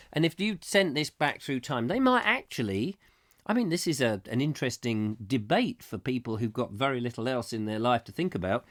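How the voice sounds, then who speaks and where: A man's voice: medium pitch, fairly bright tone. Man, comic live-stream host, rambling, whimsical, silly asides. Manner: whimsical, silly, reads viewer comments aloud.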